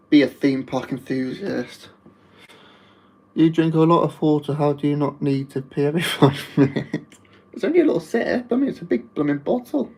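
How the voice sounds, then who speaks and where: A man's voice: on the high side, darkish tone, poor audio. A man with a Wolverhampton accent chatting casually on a live stream, rambling and laughing often.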